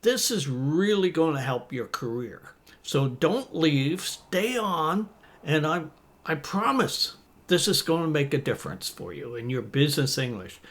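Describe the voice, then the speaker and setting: A man in his fifties teaching business English phrases to camera, reading example lines slowly and deliberately in an encouraging tone. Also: on the high side, lively intonation, a bit bright.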